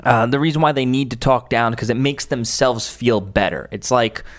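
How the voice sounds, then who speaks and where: A man's voice: medium pitch, moderate pace. A man who is a social media influencer, delivering a heated, emphatic opinion rant with frequent restarts.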